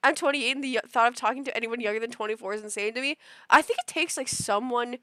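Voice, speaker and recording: A young woman streamer in her twenties tells a story with lively, animated delivery and acts out every quote. Her voice is bright and a little high, and it sits dry and close to the mic. She breaks into sudden loud outbursts. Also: fast talker, no room sound. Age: 20s. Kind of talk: casual storytelling chat.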